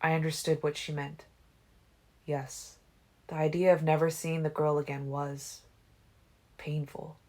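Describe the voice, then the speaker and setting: A woman narrating a fan-made audiobook in a measured, quiet storytelling manner. Her voice sits low. She reads slowly. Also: little pitch movement. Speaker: audiobook reader.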